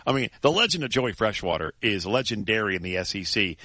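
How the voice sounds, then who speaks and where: Man, sports radio host, bright voice, dry studio sound, animated storyteller. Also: on the low side, fast talker, hardly any pauses, no room sound. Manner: animated storytelling, laughing, many restarts. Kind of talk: casual sports radio chat.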